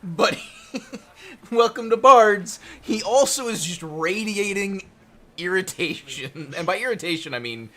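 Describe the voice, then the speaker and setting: A man's voice: high voice, animated, measured pace, fairly bright tone. A man playing a tabletop game, joking and swearing in casual chat. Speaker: player.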